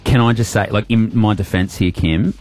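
A middle-aged man hosting a breakfast radio show, chatty and warm, repeating words as he talks. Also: fairly low pitch, fairly even intonation, moderate pace, faint music behind. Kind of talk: casual radio chat. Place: radio studio.

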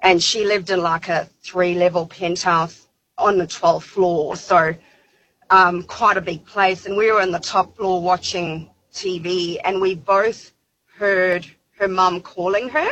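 A woman's voice: on the low side, fairly even intonation, a little slow, a bit bright, rough recording. A woman, calling in to tell a personal story in a chatty way with many fillers. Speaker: caller. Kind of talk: telling a personal story on radio.

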